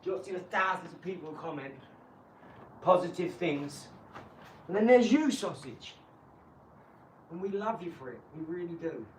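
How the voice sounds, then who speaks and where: A young man streaming live from his garage, mocking and trash-talking a viewer with sudden loud outbursts. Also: fairly high pitch, normal speed, pauses often, far from the mic, a little hiss or hum, low-quality recording. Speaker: livestreamer. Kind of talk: live stream chat while boxing.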